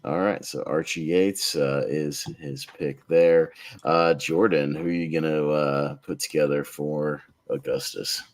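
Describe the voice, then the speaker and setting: A man hosting a casual panel chat about movie recasting, in a relaxed way as he leads the discussion. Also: very deep voice, measured pace, dry recording. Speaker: host.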